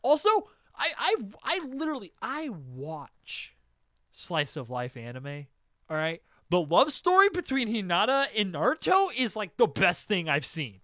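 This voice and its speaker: A man hosting a podcast, talking in an excitable, profane, animated way in casual chat. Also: high-pitched, unhurried, no echo, studio quality. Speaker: podcast host.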